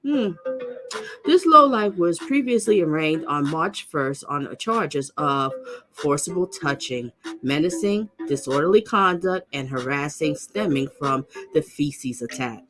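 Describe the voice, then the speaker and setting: A woman's voice: lively intonation, measured pace, over music. Blunt woman reading crime news aloud. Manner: reads aloud, stumbles and corrects herself, breaks off to comment; blunt and scornful, with sudden high outbursts. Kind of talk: casual reading of news with commentary.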